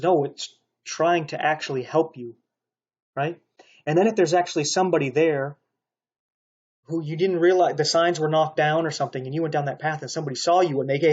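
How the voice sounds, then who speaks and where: Preacher, male, rambling stern sermon, husky fairly high voice, dull lo-fi recording. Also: a little fast, a little mellow. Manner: rambling, stern and insistent, with rhetorical "right?" asides. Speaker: online preacher. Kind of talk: spoken sermon monologue.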